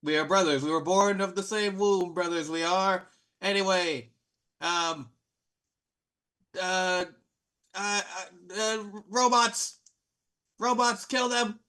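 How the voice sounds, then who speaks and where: A rattled villain, as a man puts him on, tripping over his words and repeating himself in a raised, strained pitch. He barks orders between stammers in a tabletop game. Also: fairly even intonation, slow pace, pauses often, bright, forceful tone, full character voice. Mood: flustered. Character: flustered villainous man, brother of Pim.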